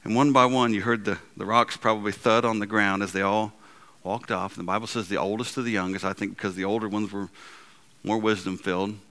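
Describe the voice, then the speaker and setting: A man preaching a sermon as pastor, animated, with frequent repeats and restarts, swinging between loud emphatic lines and low, soft ones. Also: fairly quick.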